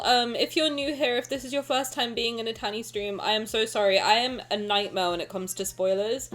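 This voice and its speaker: A woman's voice: fairly high pitch, steady tone, brisk, hardly any pauses, fairly bright tone. A woman streamer in casual live-stream chat, talking in a frantic, rambling, self-mocking way.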